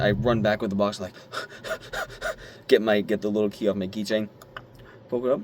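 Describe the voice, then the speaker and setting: A young man vlogging at his desk, telling a story in a rambling, animated way, swearing now and then and squealing when he acts out his excitement. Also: on the low side, moderate pace, long pauses, a little hiss or hum. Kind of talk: casual talk to camera.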